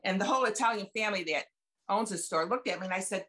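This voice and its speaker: Talking quickly in a medium-pitched, fairly bright voice, a woman in her seventies offers her faith testimony over video. She's a guest speaker with a chatty, folksy style who emphasizes the conversations she relays.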